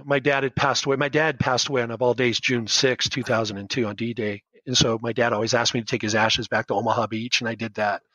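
In a dry, low-quality recording, a man in his fifties from the United States speaks in a sharp, mid-range voice. He's a teacher appearing as a podcast guest for a casual storytelling interview, recounting his story earnestly and emotionally with many restarts.

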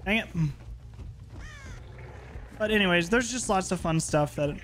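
A man's voice: high-pitched, unhurried, a bit bright, a little hiss or hum. A man streaming a game from his home office, chatting casually and rambling with playful asides. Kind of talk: casual gaming stream chat.

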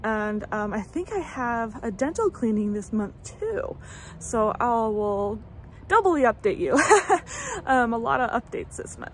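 A woman in her thirties from the U.S. rambles casually in a vlog update, with frequent fillers and restarts. Her slightly high voice is expressive and measured, recorded at home in summer with traffic passing and slight background noise.

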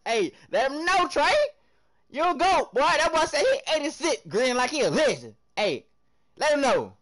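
A young man from the American South streaming a game live, chatting with his viewers in hyped, slangy bursts that swing between loud and soft. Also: very high voice, big pitch swings, moderate pace.

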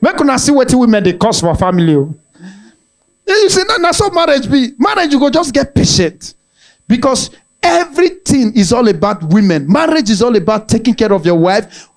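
Nigerian guy doing standup, high voice, swings up and down a lot, slips into pidgin. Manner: animated, mixes in Nigerian pidgin, acts out the voices in his stories. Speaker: stand-up comedian. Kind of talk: stand-up comedy storytelling.

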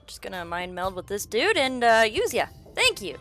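A woman doing let's play commentary on a game, excitable, swearing, shrieking and laughing as she plays. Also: high voice, moderate pace, few pauses, music in the background. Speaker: gaming video creator.

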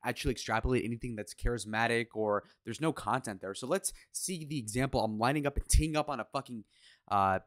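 A man's voice: mid-range voice, a little fast, a bit bright, dry recording, clean studio sound. A man reacting to podcast clips with a ranting, sarcastic and crude manner. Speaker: reaction commentator.

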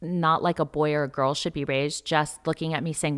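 A woman's voice: sits low, fairly even intonation, moderate pace, clean tone. A woman guest on a talk show, an investigative journalist telling stories in an earnest, emphatic way. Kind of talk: casual interview chat.

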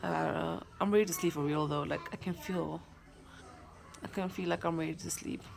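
A woman's voice: low-pitched, fairly even intonation, normal speed, vocal fry. A young South African woman vlogging casually from home, playful and chatty, slipping Zulu words into her English. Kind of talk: casual selfie vlog. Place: at home, in bed.

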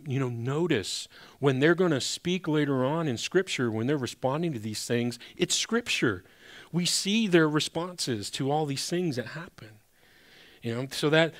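A man preaching a sermon as pastor. He speaks in a conversational, emphatic way and often restarts his sentences. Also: on the high side.

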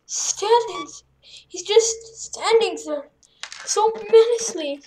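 A woman gamer talks over her horror game playthrough in a strikingly high voice. She drawls slowly, wanders through silly jokes and yelps when startled. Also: lively intonation, a bit bright, a little hiss or hum, poor audio. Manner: jumpy, rambling, silly jokes, sudden yelps. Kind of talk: let's play commentary.

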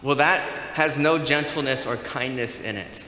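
A man's voice: medium pitch, moderate pace, pushed and bright, roomy sound, in a large hall, a little hiss or hum, low-quality recording. A man preaching a sermon as pastor, talking conversationally and asking the congregation questions. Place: church sanctuary.

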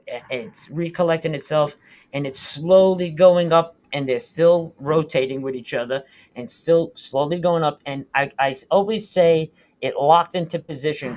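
Earnest man telling a vivid story. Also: on the high side. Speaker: guest recounting a UFO sighting. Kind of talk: casual first-person storytelling.

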